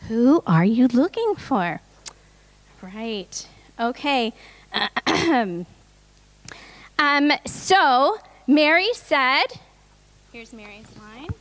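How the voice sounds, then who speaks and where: A woman with a high, somewhat bright voice is very animated but speaks extremely slowly, with long pauses. She runs a children's Easter reenactment in a church, cheerfully coaxing the kids into place.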